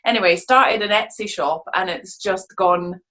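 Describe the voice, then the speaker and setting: A woman from Scotland with a softened Scottish accent, chatting casually as an interview guest over a video call, laughing often and restarting her sentences. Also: mid-range voice, moderate pace. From Scotland (Fife). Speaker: interview guest, stage actress.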